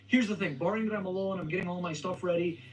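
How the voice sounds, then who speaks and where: A man's voice: high voice, quick pace, recorded from a distance, slight background noise, rough recording. A young man hosting his video, retelling a story in a hesitant way that stutters and restarts. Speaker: video host. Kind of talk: storytelling vlog. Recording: video playing from across the room.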